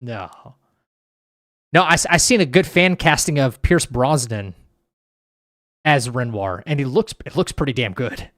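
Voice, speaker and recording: A man with a mid-range, slightly bright voice chats casually on a stream at a measured pace with long pauses. He reacts to viewer comments as he reads the live chat, rambling, stammering and restarting his sentences often.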